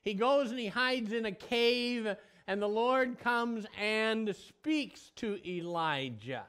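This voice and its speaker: A man preaching a sermon as a pastor. He swings between loud exclamations and a hushed, low voice. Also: expressive, takes it slowly, clean tone.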